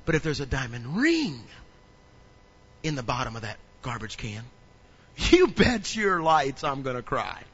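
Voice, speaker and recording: A man pastor preaching a sermon, telling funny stories and building up to loud preaching. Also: medium pitch, big pitch swings, a little slow, pauses often, slightly rough, highs cut off. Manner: humorous storytelling, acts out little scenes.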